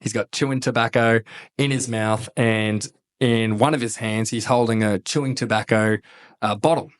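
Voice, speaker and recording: A man's voice: mid-range voice, fairly even intonation, normal speed. An Australian man, a podcast guest and former army officer, telling stories in casual chat, swearing freely and laughing as he goes.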